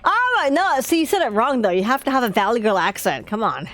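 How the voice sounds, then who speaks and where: A young woman is live-streaming a game, chatting casually and talking to herself in a fairly high, very animated, brisk voice. She laughs often yet sounds tired, and the audio is very noisy.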